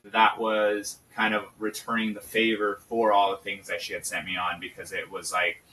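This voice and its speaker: A young man who is a podcast guest, telling stories in a relaxed, casual way with fillers. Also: fairly low pitch, normal speed. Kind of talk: casual chat. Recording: slightly distant mic with faint noise.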